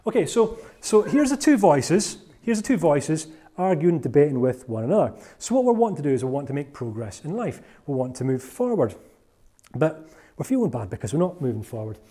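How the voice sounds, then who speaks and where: A man's voice: on the high side, very animated, brisk, dark tone. A man giving a live seminar talk to an audience, playful and jokey as he works with volunteers on stage. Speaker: motivational speaker.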